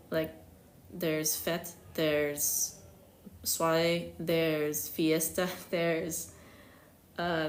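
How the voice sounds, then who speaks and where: A young American woman chatting casually on a live stream, giggling often and acting out quotes with big jumps in her voice. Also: fairly low pitch. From United States. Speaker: astrologer hosting a live stream. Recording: echoey room, faint hiss.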